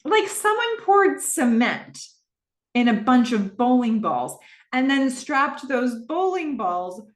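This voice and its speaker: A woman's voice: high-pitched, sing-song, takes it slowly, reverberant, pitched above the performer's own voice, heavily acted. A woman reading a dryly teasing, flirting man.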